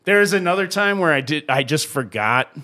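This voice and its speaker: A man's voice: on the high side, lively intonation, fairly quick, pushed and bright. A man co-hosting a casual podcast, telling a story animatedly, swearing freely, acting out quotes and laughing often. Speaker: podcast co-host. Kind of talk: casual chat.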